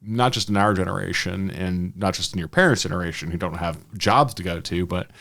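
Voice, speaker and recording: A man's voice: deep voice, brisk, creaky, fairly bright tone. A man co-hosting a casual podcast, rambling with lots of restarts and fillers. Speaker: podcast co-host. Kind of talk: casual chat.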